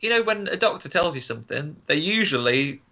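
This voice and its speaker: A man co-hosting a casual film review chat, acting out characters in quick asides. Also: on the high side, animated, pushed and bright. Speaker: podcast co-host. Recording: dull lo-fi audio.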